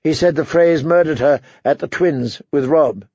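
A man voicing a timid, dutiful young noble girl who answers in hesitant, halting replies. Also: fairly high pitch, mellow, no room sound, dull audio, close to an everyday voice. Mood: subdued.

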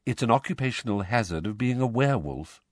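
A man voicing a weary, thoughtful middle-aged wizard who explains things in a calm, measured way. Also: medium pitch, dry recording, clean studio sound, close to an everyday voice.

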